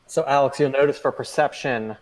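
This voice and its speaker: A man's voice: medium pitch, steady tone, a little fast, a little hiss or hum. Patient man running a tabletop game. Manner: patient, methodical, with frequent fillers. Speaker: game master. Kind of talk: explaining tabletop game rules.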